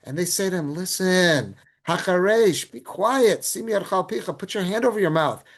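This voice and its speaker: A man teaching as a rabbi, reading Hebrew verses and then retelling them in casual, animated English. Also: sits high, normal speed. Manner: animated storytelling. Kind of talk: Torah class.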